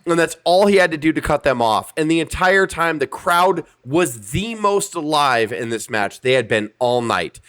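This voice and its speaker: A man hosts a casual podcast, his voice sitting a bit high and swinging widely in pitch. He talks emphatically and swears freely as he reviews matches. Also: lively intonation, moderate pace, few pauses, a bit bright. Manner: profane, emphatic, acts out quotes. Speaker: podcast host. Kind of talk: casual wrestling review chat.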